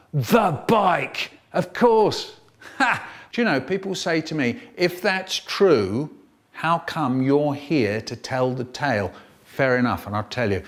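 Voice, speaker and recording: A man reading and performing comic children's poems in an expressive, playful storytelling manner. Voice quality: expressive, big swoops in pitch, playful. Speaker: children's poet reading aloud.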